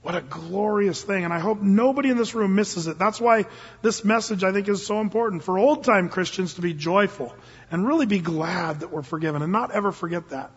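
An older pastor preaches at a church service, his relaxed and earnest delivery lurching into emphatic bursts without warning. He talks a little fast, in a high voice with a breathy edge. The recording has a dull sound and a long reverb.

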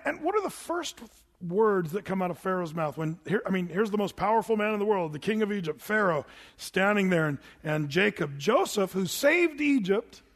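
Casting: middle-aged male preacher, high-pitched, lively, conversational with frequent restarts. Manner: animated, chatty, many restarts. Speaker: pastor. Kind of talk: sermon with storytelling.

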